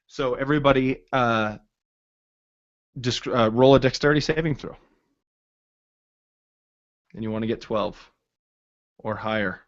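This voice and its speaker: A man narrating a tabletop game as game master, in a halting way with many fillers. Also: mid-range voice, no room sound, lo-fi sound.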